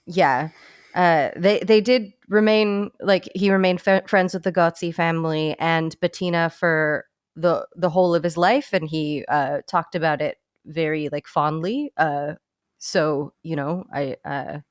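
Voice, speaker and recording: A woman's voice: low-pitched, fairly even intonation, a little slow, no echo, clean studio sound. A woman co-hosting a comedy podcast, reading a story from notes with small stumbles and giggles. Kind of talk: casual comedy podcast narration.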